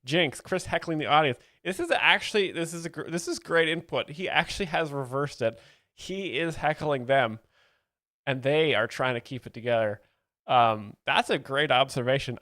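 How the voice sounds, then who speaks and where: A man's voice: medium pitch, a bit bright, no echo. A man hosting a livestream, chatting and laughing as he explains a comedy clip, on a close mic. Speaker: host reacting to a comedy clip. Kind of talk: livestream commentary.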